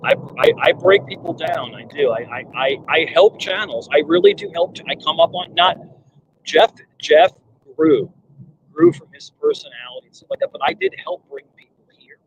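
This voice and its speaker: A man's voice: a little high, big pitch swings, moderate pace, slight background noise, low-quality recording. A man in a casual online panel talk, boastful and repetitive, often restarting his sentences. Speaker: panel guest. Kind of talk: heated casual debate.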